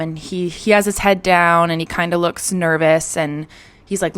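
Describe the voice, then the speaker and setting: A woman's voice: lowish voice, fairly even intonation, moderate pace, clean tone. A young woman hosting a true crime show. She retells the case in a casual, chatty way, full of "like" and "you know.".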